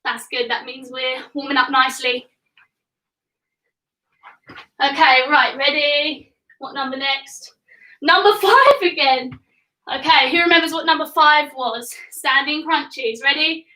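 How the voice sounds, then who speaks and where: An upbeat young coach runs a children's home workout, cheering the kids on as she counts each rep. Her voice is high and bright, and she gets a little out of breath. She sounds a bit off-mic in an echoey room. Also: measured pace, long pauses, far from the mic. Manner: upbeat, encouraging, counting reps aloud. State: getting out of breath.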